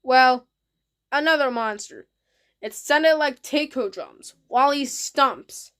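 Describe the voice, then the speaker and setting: A woman hosting her own video, narrating casually with excited, simple, repetitive phrasing. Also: high voice, slow, smooth. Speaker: channel host.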